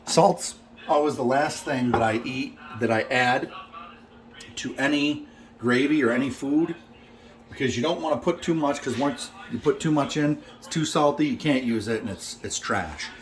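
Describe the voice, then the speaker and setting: A middle-aged man talks through his cooking in a casual home vlog, brash and boastful, full of jokes. His voice sits at an ordinary pitch, and faint kitchen clatter and noise run under it. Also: normal speed. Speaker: home cook vlogger.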